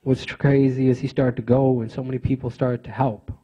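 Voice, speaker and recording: A man giving a speech at a conference, telling personal stories in an earnest, halting way with many fillers and restarts. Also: mid-range voice, little pitch movement, dark tone, husky, dull audio. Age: adult father of teenage sons. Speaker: conference speaker.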